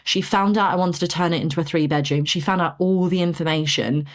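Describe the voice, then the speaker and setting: A woman with a somewhat low voice tells her story as a podcast guest, animated and chatty. She slips into the voices of the people in her story as she goes. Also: a little fast. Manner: animated, acts out quoted dialogue. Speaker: podcast guest, property investor. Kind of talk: conversational storytelling.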